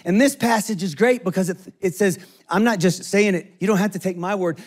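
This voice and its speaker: High-voiced energetic male pastor. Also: fairly quick. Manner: energetic, conversational. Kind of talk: sermon. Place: church auditorium.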